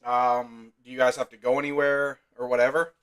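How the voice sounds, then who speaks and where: Man, card break host, bright forceful voice, chatty, sometimes talking with his mouth full. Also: mid-range voice, level tone, normal speed, smooth. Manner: chatty, talks to viewers by name. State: eating while talking. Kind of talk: casual livestream chat.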